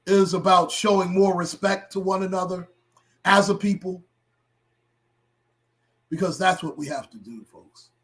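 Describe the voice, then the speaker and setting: High-voiced impassioned man hosting a livestream. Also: steady tone, moderate pace, long pauses. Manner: impassioned, blunt and profane, rising to shouts. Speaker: livestream host. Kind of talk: livestream commentary to chat.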